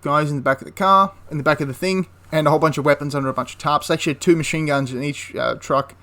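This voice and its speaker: A man's voice: a little high, very fast, pushed and bright. A man casually retelling a wartime story for a history channel, rambling with frequent restarts and asides.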